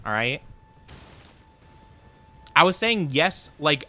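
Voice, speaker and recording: Lively, bright-voiced young male streamer. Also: fairly high pitch, normal speed. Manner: playfully mock-indignant, teasing. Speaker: video game streamer. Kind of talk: casual live-stream chat with viewers.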